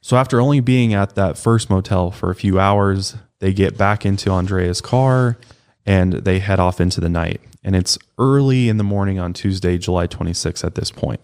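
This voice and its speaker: A man with a deep, low voice narrates a true-crime case in a relaxed, conversational way. He co-hosts a podcast and drops the odd swear word as he tells the story. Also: normal speed, smooth. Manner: relaxed, swears casually, acts out quotes. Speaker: podcast co-host.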